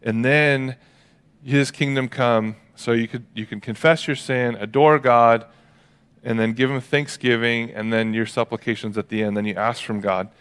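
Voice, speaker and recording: A man preaching a sermon in an easygoing, chatty way, with a voice at an ordinary middle pitch. He tells stories and slips into playful acted-out lines as he goes. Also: moderate pace, smooth. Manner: conversational, animated storytelling with acted-out quotes. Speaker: pastor.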